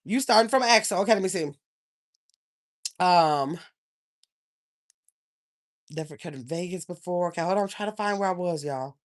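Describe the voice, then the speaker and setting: A woman's voice: lowish voice, moderate pace, pauses often, darkish tone. An older woman, hosting a casual livestream, rambling and chatting with viewers. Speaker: channel host.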